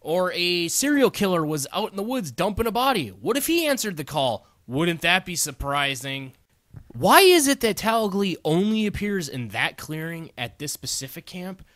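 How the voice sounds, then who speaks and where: A man narrating a sarcastic, crude comedic review of a movie, with sudden loud outbursts. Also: high-pitched, sing-song, moderate pace.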